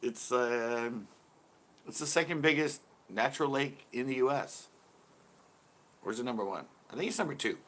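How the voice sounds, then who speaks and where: A man's voice: medium pitch, normal speed, long pauses. Man telling a fishing story on a livestream. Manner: laughing often, animated when quoting others. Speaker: livestream host. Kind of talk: casual storytelling chat.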